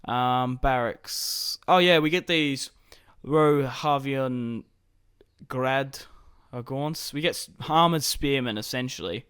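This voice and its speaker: A man talks through his strategy game in a loose, think-aloud way, his voice smooth and clear. The sound is dry and close, with no room around it. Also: medium pitch, slow, a bit bright, no echo. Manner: casual, thinking aloud while playing. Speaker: gaming YouTuber.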